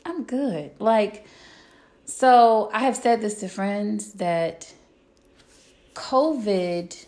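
A woman co-hosting a casual podcast with her husband, blunt and direct, animated and often restarting her thoughts. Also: mid-range voice, very slow. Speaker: podcast co-host. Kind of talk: casual chat.

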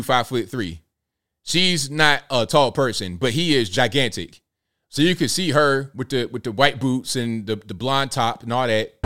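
A man's voice: medium pitch, fairly bright tone. Chatty man in his thirties hosting. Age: 30s. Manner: incredulous and chatty, narrating a clip. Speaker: host. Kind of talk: casual commentary show.

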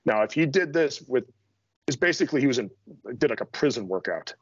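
A man's voice: medium pitch, expressive, a little fast, breathy edge, no room sound, muffled recording. A middle-aged man, a strength coach, talking as a podcast guest in a blunt, direct, self-deprecating way. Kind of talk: casual interview chat.

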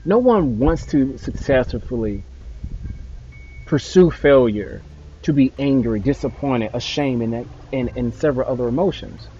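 A father giving an earnest motivational talk, his voice often dropping softly at the ends of phrases. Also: medium pitch, lively intonation, a little slow, slight background noise. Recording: slightly dull audio with faint music.

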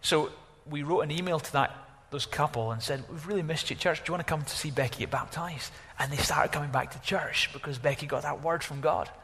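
In a church hall full of echo, a pastor delivers a sermon in a fairly high, bright voice. He talks a little fast with few pauses, animated throughout, now exclaiming loudly, now falling to a hush.

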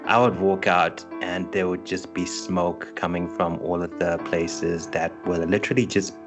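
A man's voice: deep voice, little pitch movement, measured pace, music in the background. A man co-hosting a casual podcast chat, laid-back and laughing often. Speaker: podcast co-host.

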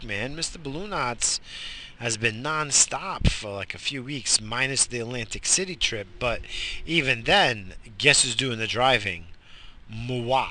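Man, exhausted and yawning, rambling profane car vlog, very bright sharp voice, low pitch. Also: normal speed, slight background noise. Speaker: vlogger. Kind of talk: casual rambling vlog while driving. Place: inside a car.

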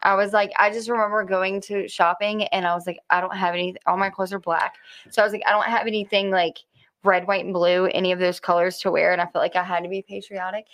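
A woman recounting a personal story in a casual talk. Her voice carries a gravelly fry, and she stops and restarts her sentences often, leaning on fillers. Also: medium pitch, flat delivery, quick pace, fairly bright tone. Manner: hesitant, many fillers and restarts.

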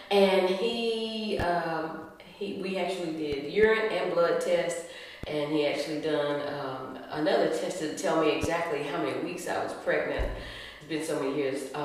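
Woman telling a lively story, echoey. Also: lowish voice, distant mic. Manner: animated storyteller, acts out quotes, laughs often. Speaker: guest. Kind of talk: storytelling interview chat. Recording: echoey room, voice from the mic.

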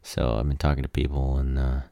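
A man rambling casually as he reacts to movie trailers, halting and self-deprecating, his voice tired from talking all day. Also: rumbling low, flat delivery, creaky, mellow, no room sound, clean studio sound.

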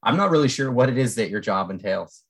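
A man's voice: medium pitch, lively intonation, quick pace. A man from Canada hosting a casual interview, friendly and rambling, often making fun of himself. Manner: friendly, rambling, self-deprecating.

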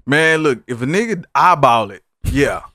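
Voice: medium pitch, moderate pace, a little hiss or hum. A podcast host in casual comedic banter, asking questions and riffing on the story in slangy talk. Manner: animated, slangy, asks questions and riffs in put-on voices.

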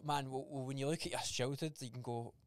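A man's voice: medium pitch, steady tone, fast, no echo, studio quality. A young man in a casual podcast chat, blunt and swearing freely, acting out remembered conversations. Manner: blunt, swears freely, acts out quoted dialogue. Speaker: podcast co-host.

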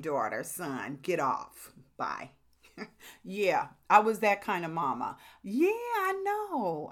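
A middle-aged woman preaching a sermon in an animated, exclamatory way, with sudden loud rises. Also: on the high side.

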